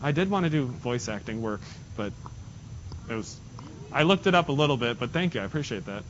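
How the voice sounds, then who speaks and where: Here a man with a medium-pitched voice teaches a math lesson briskly and with animation, guiding the class step by step while making joking side comments. Faint hiss runs through the dull, lo-fi classroom recording.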